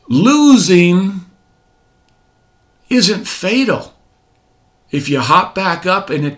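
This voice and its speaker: A man's voice: on the high side, fairly bright tone. A man in his forties giving a motivational talk, preachy, repeating key phrases and asking rhetorical questions. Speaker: motivational speaker.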